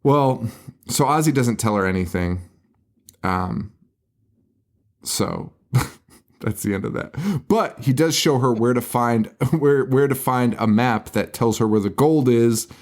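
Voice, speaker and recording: A man's voice: mid-range voice, measured pace. Laughing, swearing male podcast co-host. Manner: laughing often, swearing, mock-quoting characters. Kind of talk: casual movie recap chat.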